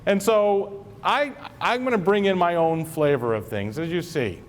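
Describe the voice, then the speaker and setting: A man's voice: high voice, a little slow. A man who is a school superintendent giving an informal, joking talk to school staff at a convocation. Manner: informal, joking, repeats phrases.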